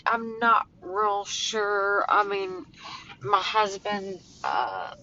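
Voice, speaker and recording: A woman vlogging casually while walking home outdoors, talking in a slow, halting way that turns emotional. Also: medium pitch, sing-song, sharp tone. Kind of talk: casual vlog talk. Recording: dull phone audio with faint outdoor noise.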